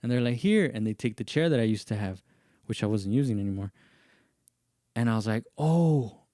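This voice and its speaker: A man hosting a podcast, telling a story in casual chat and acting out what other people said in raised, animated voices. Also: fairly low pitch, fast talker, no echo, clean studio sound. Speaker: podcast host.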